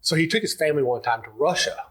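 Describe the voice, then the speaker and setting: A man's voice: fairly high pitch, expressive, racing, fairly bright tone, breathy edge. A man hosting a wine podcast, chatting casually and rambling through anecdotes with lots of fillers. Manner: rambling storyteller with many fillers. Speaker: podcast host. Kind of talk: casual chat, telling anecdotes.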